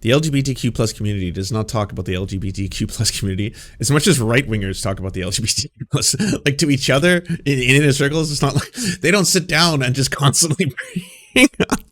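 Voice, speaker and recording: A man's voice: medium pitch, lively intonation, fast talker, a bit bright. A man hosting a reaction commentary show, talking sarcastically and mocking the people he criticizes. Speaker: commentary host.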